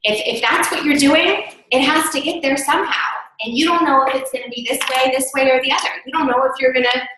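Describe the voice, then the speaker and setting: A woman's voice: high-pitched, brisk, hardly any pauses, bright, forceful tone, a little hiss or hum. Earnest woman in a very echoey room. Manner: earnest, coaching, repeats key phrases. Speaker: psychic medium, host. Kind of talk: casual spiritual talk.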